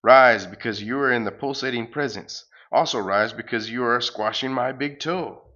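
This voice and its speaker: A man voicing a pompous cosmic salesman giant who makes grandiose, drawn-out proclamations while reading a parody comic aloud. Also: medium pitch, pushed and bright, lo-fi sound, natural voice.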